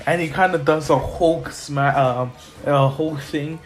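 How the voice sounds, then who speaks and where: A man's voice: fairly high pitch, fairly even intonation, unhurried. A man casually retelling a fan story, rambling with fillers and self-corrections. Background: faint lofi music.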